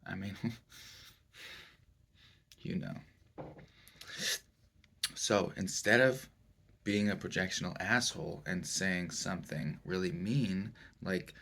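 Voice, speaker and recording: Slow gravelly deadpan man lecturing. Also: low voice. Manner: slow, rambling, mock-serious lecturing with filler words. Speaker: comedic self-help presenter. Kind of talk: deadpan parody self-help lecture.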